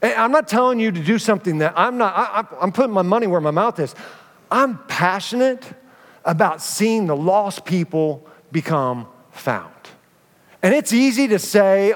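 Animated pastor, high voice, reverberant sanctuary. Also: male voice, moderate pace. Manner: animated storytelling, acting out quoted voices. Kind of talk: sermon. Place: church sanctuary.

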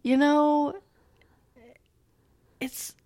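A woman's voice: high voice, flat delivery, drawn-out words, darkish tone, dry recording. A young woman co-hosting a casual podcast chat, joking and sarcastic, swearing freely. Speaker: podcast co-host.

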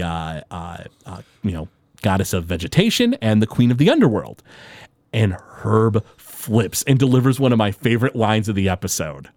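A man casually recaps an episode on his podcast, stumbling through fillers and restarts as he tells it. His pitch swings widely, full of animation. The sound is dry and close. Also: darkish tone, dry recording.

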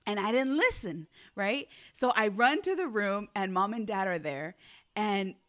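A woman's voice: medium pitch, unhurried. A woman co-hosting a casual podcast, telling a funny story with lots of laughter and acted-out voices. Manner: animated, laughing often, acts out quoted voices. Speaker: podcast co-host.

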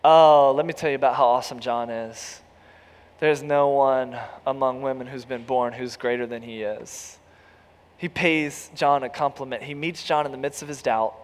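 Animated preaching man in a hall. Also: medium pitch. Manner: animated storytelling, acts out voices, rises to near shouts. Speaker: pastor. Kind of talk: sermon.

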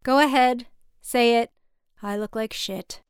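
A brash, brassy paranoid mother who talks bluntly and loudly, as a woman reading the story puts her on. The voice sits fairly high and stays smooth. The sound is dry and close. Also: a little slow, no echo, lightly acted.

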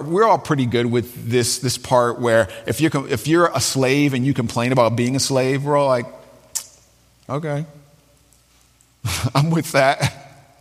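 A man's voice: mid-range voice, expressive, moderate pace. A man preaching a sermon in a conversational way, with colloquial asides and frequent restarts. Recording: long hall reverb.

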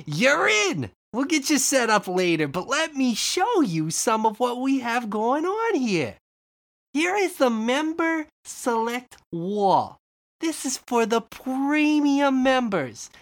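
A woman's voice: very animated, takes it slowly, heavily acted. A woman voicing a fussy male shop owner who guards his members list, in an improvised comedy skit. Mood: delighted. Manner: high, emphatic, hesitant gatekeeping.

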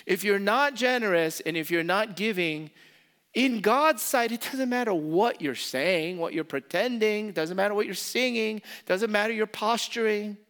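Preaching at a moderate pace in a high-pitched voice, a man leads a sermon as pastor with great passion. Key phrases recur as he moves from booming emphasis to quiet, personal asides.

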